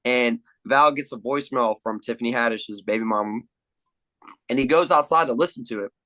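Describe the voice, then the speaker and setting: A man's voice: medium pitch, rough recording. A young man as a podcast guest, chatting casually and retelling movie scenes with lots of swearing. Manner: animated storyteller, acts out quotes, swears a lot. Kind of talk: casual chat.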